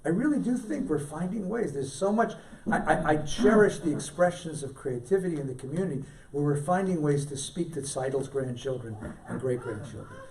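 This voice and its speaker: A man's voice: fairly high pitch, animated, brisk, few pauses, far from the mic, slight background noise. Man telling stories in an echoey hall. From California, USA. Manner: warm anecdotal storyteller with self-deprecating humour. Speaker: rabbi, guest scholar. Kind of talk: storytelling talk to a congregation. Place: synagogue hall. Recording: roomy hall, mic from afar.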